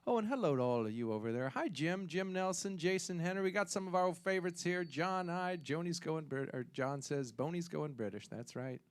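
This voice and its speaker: A man hosting a live showroom music show, joking with the crowd in comic patter and swooping up in pitch on punchlines. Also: fairly quick, few pauses, clear, resonant tone. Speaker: show host and singer.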